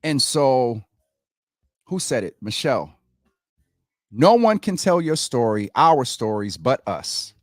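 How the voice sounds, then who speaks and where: Speaking directly to viewers he addresses as y'all, this earnest, animated host of a casual community livestream talk show has a mid-range voice. He takes it slowly with long pauses, and the sound is clean studio audio without room sound.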